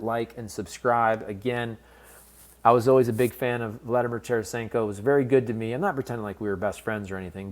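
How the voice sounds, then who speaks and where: Man, sports commentary, conversational, candid, average pitch. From based in St. Louis. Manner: conversational, candid, fan-focused. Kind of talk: casual commentary vlog.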